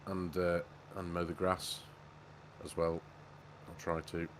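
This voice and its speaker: A man co-hosts a farming game livestream, joking around in casual chat, reading viewer messages aloud and saying "mate" a lot. His voice is low and his delivery completely flat and slow, with a little hiss or hum in the background.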